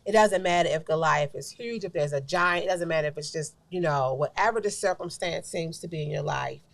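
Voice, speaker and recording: Woman, low-ish voice, co-host doing a loose, filler-heavy faith segment. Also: brisk, gravelly, no echo. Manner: chatty, many fillers like "you know" and "like". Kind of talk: casual devotional talk.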